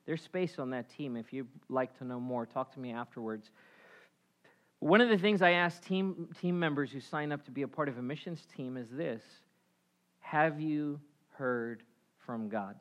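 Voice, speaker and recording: Pastor guy preaching, bright ringing voice, gets loud then drops quiet. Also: mid-range voice, normal speed. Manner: emphatic preaching, swinging between loud calls and quiet asides. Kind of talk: sermon.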